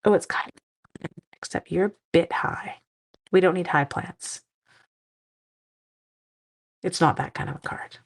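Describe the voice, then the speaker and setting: A middle-aged woman from Canada chats playfully through a card-making livestream, her low voice gravelly and a little husky. She sounds tired but keeps talking to her viewers as she works. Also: a little slow, long pauses. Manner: playful, chatty, talks to viewers while working. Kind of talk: casual crafting livestream chat.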